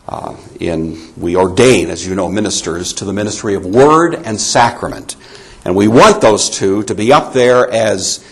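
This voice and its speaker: A man teaching a Bible lesson in a conversational, emphatic way. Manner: conversational, emphatic, animated pitch. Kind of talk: sermon-style Bible lecture.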